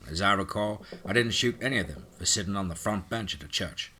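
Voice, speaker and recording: A man voicing a calm, sardonic male special ops team leader. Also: low-pitched, fairly quick, a little hiss or hum. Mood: dry.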